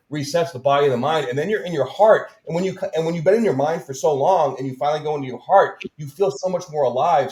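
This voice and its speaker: A man's voice: fairly high pitch, darkish tone. A man earnestly explaining a healing practice in casual interview talk, often checking in with "right?". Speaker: guest healer. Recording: roomy echo.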